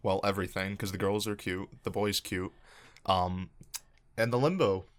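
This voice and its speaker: A man's voice: low-pitched, fairly even intonation, normal speed. Rambling, jokey male co-host. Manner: rambling, jokey, laughs a lot. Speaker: podcast co-host. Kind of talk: casual podcast chat.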